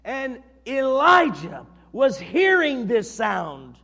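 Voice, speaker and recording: A male pastor preaching a sermon in an animated, dramatic way, acting out scenes with shifting voices. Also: extremely high pitch, slow, creaky. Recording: long reverb of a church hall.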